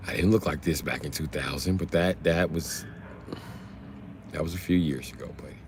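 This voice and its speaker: A man's voice: moderate pace, slight background noise. Trash-talking man streaming to chat. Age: late 30s. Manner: trash-talking, mocking chat users with shouted high bits. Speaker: livestreamer reading chat. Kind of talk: casual livestream chat.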